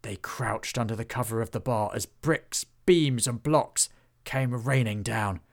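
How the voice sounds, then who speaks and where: Gravelly male storybook narrator. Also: medium pitch. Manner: measured, storytelling cadence. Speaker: author and narrator.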